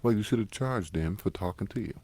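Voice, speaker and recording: A man's voice: lowish voice, animated, brisk, a little mellow, breathy edge, dry recording. A man hosting a casual podcast, answering his co-host in a laid-back way, with some swearing and chuckles.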